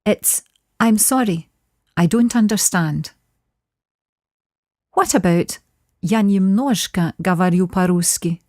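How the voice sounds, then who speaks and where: A woman teaching a short scripted language lesson, saying phrases slowly and clearly for learners to repeat. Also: mid-range voice, darkish tone, no room sound, studio quality. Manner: clear, slow modelling of phrases.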